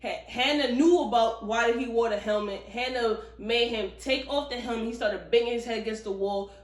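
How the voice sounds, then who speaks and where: Woman book reviewer, lively and profane, roomy space. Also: on the high side, moderate pace. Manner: animated, profane, chatty storytelling. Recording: roomy echo.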